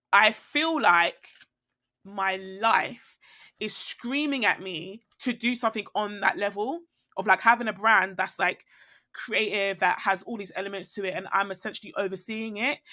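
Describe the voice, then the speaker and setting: A woman's voice: medium pitch, bright, forceful tone. A woman chatting candidly as a podcast guest, rambling and reflective, with plenty of fillers and restarts. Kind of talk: casual conversation.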